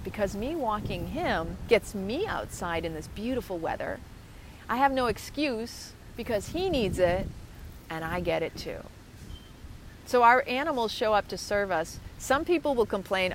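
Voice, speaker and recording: Woman co-host, casual outdoor live chat, effusive and talkative, mid-range voice, clear traffic and ambient noise behind. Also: mid-range voice. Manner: chatty and effusive, greeting viewers by name. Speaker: co-host of an online live show. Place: outdoors at a waterfront. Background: outdoor ambience and passing vehicles.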